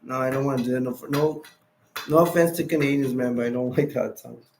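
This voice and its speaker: A man's voice: medium pitch, fast, darkish tone, slight background noise. A tired man hosting a late-night livestream, rambling casually and reading chat messages and wiki text aloud. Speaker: livestream host.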